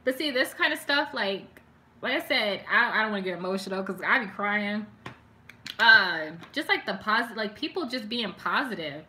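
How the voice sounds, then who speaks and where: A young beauty vlogger chats live with her viewers at a normal speed, her medium-pitched voice animated, pushed, and bright. She talks emotionally, leans heavily on "like," and stops now and then to read their comments aloud.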